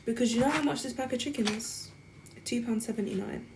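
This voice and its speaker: A woman's voice: fairly high pitch, fairly quick. A young woman in her twenties, chatting casually to viewers while she cooks. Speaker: student vlogger. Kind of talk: casual chat while cooking. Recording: loud background noise.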